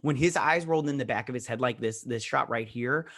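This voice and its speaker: A man's voice: mid-range voice, a little fast, a bit bright, dry recording. A man hosts a casual TV review vlog and rambles through the plot with frequent restarts. He slips into the characters' lines as he retells each scene. His mid-range voice sounds close and dry. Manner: rambling recap, often acting out characters' lines; frequent restarts and "he's all like". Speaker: show host reviewing a TV episode.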